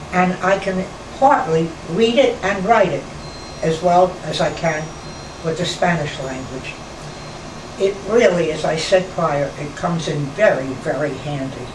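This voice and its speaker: A woman in her nineties from New York, reminiscing slowly in a rambling conversation with pauses and restarts. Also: on the low side. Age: 90s. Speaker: interviewee, former nightclub performer. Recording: roomy, distant mic, air-conditioner hum.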